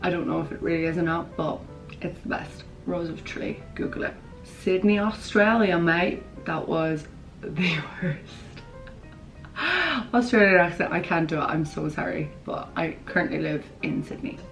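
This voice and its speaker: A woman's voice: deep voice, fairly even intonation, vocal fry, faint music behind, rough recording. Bubbly Irish woman in her twenties. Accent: Irish, Kerry. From Ireland. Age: 20s. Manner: bubbly, chatty, quick asides. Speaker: vlogger. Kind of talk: casual chat to camera.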